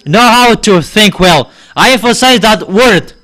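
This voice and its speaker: A man from Madagascar, a native Malagasy speaker, preaching a sermon in English with emphatic declarations and frequent halting pauses. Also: sits high, lively intonation, sharp tone. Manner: halting, with many uh pauses and restarts.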